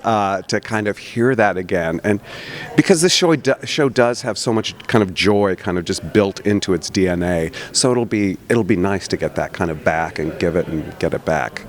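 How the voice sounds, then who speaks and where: A man's voice: lowish voice, normal speed. A man, an actor in a press interview, talking enthusiastically and rambling with many restarts.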